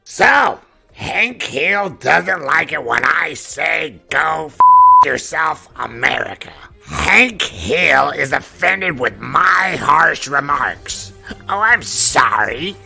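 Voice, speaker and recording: A man doing an impression of an older male movie star, delivering a combative, insulting rant in a gravelly voice as a comedy bit. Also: fairly high pitch, sing-song, takes it slowly, over music, pitched above the performer's own voice, full character voice. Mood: angry ranting.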